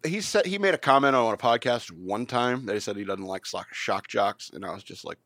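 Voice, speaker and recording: A man's voice: mid-range voice, lively intonation, fairly quick, a bit bright, no room sound, studio quality. A man hosting a podcast, chatting casually and profanely, mocking the news he reads out. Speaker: podcast host. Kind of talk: casual comedic banter.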